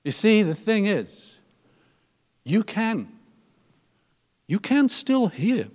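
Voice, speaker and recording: A man preaching a sermon, moving from loud emphatic lines to soft, almost whispered ones. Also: sits high, big pitch swings, takes it slowly, pauses often, husky, in a large hall.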